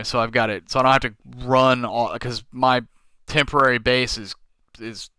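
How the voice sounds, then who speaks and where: A tired man rambles slowly through his plans, thinking aloud with plenty of fillers. His voice is bright and very clear, recorded close and dry with no room sound. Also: mid-range voice, no room sound. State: tired, yawning late at night. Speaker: game streamer. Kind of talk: casual live-stream commentary.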